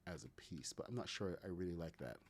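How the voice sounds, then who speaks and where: A man's voice: low voice, sing-song, fast talker, vocal fry, husky. A man with a Caribbean accent giving casual commentary, thinking aloud and talking to his chat while building in a game. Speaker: gaming streamer.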